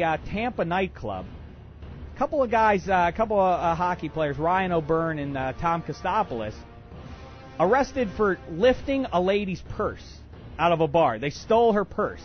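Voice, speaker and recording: A man hosting a comedic sports talk radio show, ranting in an excitable, bombastic way with many uhs. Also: sits high, dull audio. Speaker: radio host.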